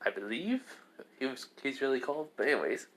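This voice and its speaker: A man's voice: mid-range voice, very animated, fairly quick, a bit bright. A man casually narrating a made-up story, rambling and correcting himself as he goes. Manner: rambling, lots of fillers and restarts. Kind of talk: casual spoken fan-fiction narration.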